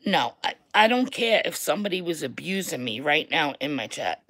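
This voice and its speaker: Blunt, loud New York woman ranting. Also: deep voice, very animated, moderate pace, low-quality recording. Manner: loud, blunt, repeats herself for emphasis, swears. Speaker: online creator. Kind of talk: livestream rant to viewers.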